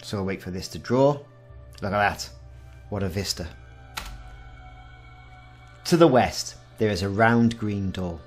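A man's voice: on the low side, unhurried, pauses often, faint music behind. A man in his forties hosting a casual game walkthrough, reading the game's text aloud with wry asides. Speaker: gaming channel host.

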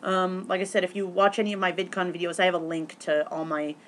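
Rambling excitable woman vlogger. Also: lowish voice, fast talker. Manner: rambling, many restarts and fillers; excitable bursts, frequent swearing. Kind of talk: casual rambling vlog.

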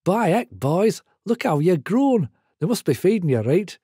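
A man's voice: fairly high pitch, lively intonation, moderate pace, dark tone, husky, no echo, clean studio sound. A man voicing a fond working-class mother, in an audiobook memoir. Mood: gushing. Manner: gushing, fond.

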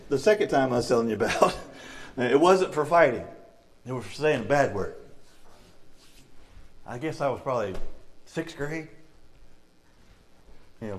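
A man's voice: mid-range voice, lively intonation, unhurried, pauses often. A middle-aged man with a Southern US accent preaching a church sermon, telling stories from his childhood and acting out the people in them. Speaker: lay preacher. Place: church sanctuary.

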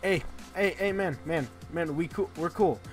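A young man co-hosting a casual let's-play, excitable and laughing with loud bursts. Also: a little high, normal speed. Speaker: gaming channel co-host. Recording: game music behind.

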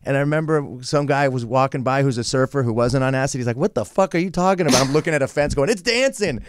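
A relaxed man in his forties chatting as a podcast guest, telling loose stories and swearing freely as he goes. His voice is smooth and resonant, and the recording is close and dry with no room sound. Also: medium pitch, dry recording. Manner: laid-back storyteller, swears freely, drawn-out phrases. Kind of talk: casual chat.

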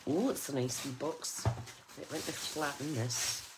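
A woman's voice: sits low, unhurried, very noisy. A middle-aged woman, chatting casually and exclaiming with delight as she unboxes craft gifts. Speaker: craft channel host.

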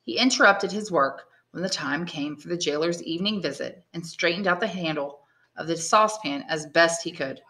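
An English teacher, a woman, narrating a classic novel aloud with clear, steady storytelling. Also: lowish voice, moderate pace.

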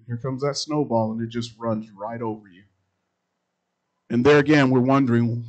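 A middle-aged man, a pastor, preaching a sermon that repeats its phrases and swings between loud and quiet passages. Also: mid-range voice, steady tone, moderate pace, long pauses, dull audio.

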